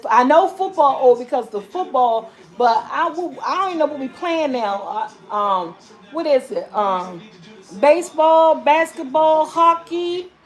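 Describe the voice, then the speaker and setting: A woman with a high voice hosts a relaxed live chat with her viewers. She rambles and repeats words and phrases as she goes, and calls out to her audience as y'all. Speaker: vlogger host. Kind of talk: casual live-stream chat reading viewer comments.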